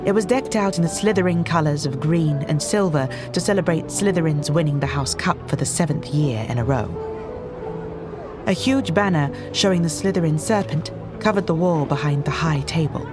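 Low-voiced woman narrating a drama. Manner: measured storybook reading. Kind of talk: scripted narration. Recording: clear music underneath.

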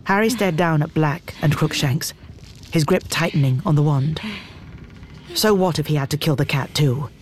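An audiobook narrator reading fantasy in a measured, dramatic storytelling manner. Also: medium pitch, a little hiss or hum. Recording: music bed under narration. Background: background music.

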